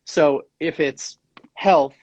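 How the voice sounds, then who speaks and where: A man's voice: a little high, steady tone, very slow, a little mellow, no echo, rough recording. A male guest on a live stream who talks in an easygoing, agreeable way and explains his ideas. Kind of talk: casual conversation on a live stream.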